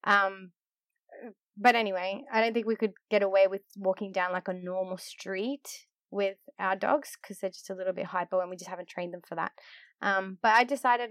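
A woman's voice: medium pitch, fairly even intonation, moderate pace, a bit bright, no echo, studio quality. A middle-aged woman who leads in church, talking candidly and a little self-deprecatingly, rambling with fillers as she reflects. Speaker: church leader. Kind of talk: casual reflective talk.

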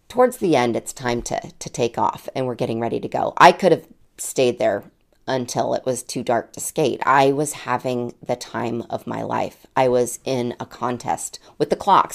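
A woman in her late forties with a low, gravelly voice hosts her own podcast. She tells a personal story in a chatty, self-deprecating way, laughing often. Her pitch stays low, with a rough edge. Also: darkish tone. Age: 40s. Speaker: podcast host.

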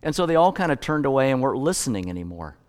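A middle-aged man preaches a sermon in an easy, conversational way, telling stories and reading scripture at a mid-range pitch. His voice rings through a large hall with a long reverb tail. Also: big pitch swings, racing. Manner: conversational, storytelling preacher with self-corrections. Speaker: pastor.

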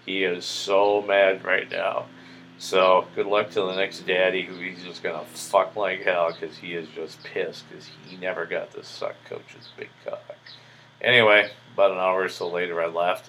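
A very low-pitched man hosting a podcast, spinning a casual, boastful story with plenty of cursing. There is a faint hum of background noise behind him. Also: little pitch movement, normal speed, sharp tone, rough recording. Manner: boastful, crude, heavy swearing. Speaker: podcast host.

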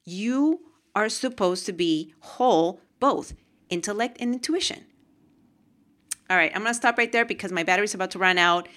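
A woman from Peru talking to camera about her own experiences, with animated, emotional storytelling. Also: mid-range voice. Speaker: host. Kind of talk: casual monologue to camera.

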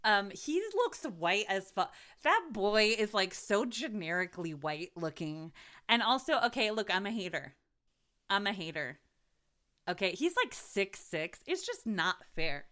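A woman's voice: medium pitch, very animated, unhurried, bright, forceful tone. Blunt, swearing woman podcast co-host. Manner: blunt, sarcastic, swears freely. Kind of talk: casual chat.

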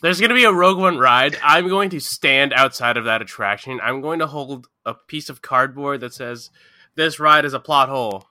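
A man's voice: medium pitch, moderate pace, sharp tone, no room sound, clean studio sound. A man hosting a casual podcast, joking and teasing his co-hosts as he moves the segments along. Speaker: podcast host. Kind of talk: casual chat.

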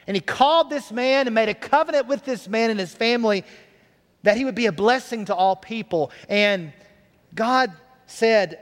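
Brief: earnest male preacher, fairly high voice, storytelling sermon. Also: moderate pace, fairly bright tone, in a large hall.

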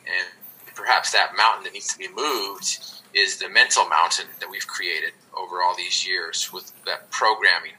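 Speaking as a podcast guest, this man shares his story in an earnest, reflective way with many restarts. His low voice is steady, bright and forceful at a moderate pace, on a low-quality recording with slight background noise.

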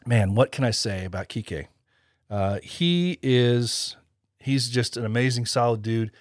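A man's voice: mid-range voice, a little slow, no room sound, studio quality. A man hosting a podcast, chatting casually and rambling, with frequent laughs. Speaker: podcast host.

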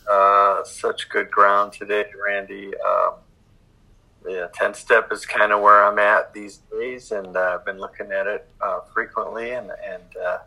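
A man's voice: lowish voice, bright, forceful tone, rough recording. A man sharing at a recovery meeting, hesitant and full of fillers as he works toward a question. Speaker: meeting member.

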